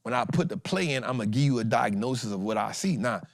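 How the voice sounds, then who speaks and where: A man hosting a stock trading talk, animated and preachy, swinging between loud and soft as he acts out quotes. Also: medium pitch, fast, creaky, no room sound, studio quality. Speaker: host.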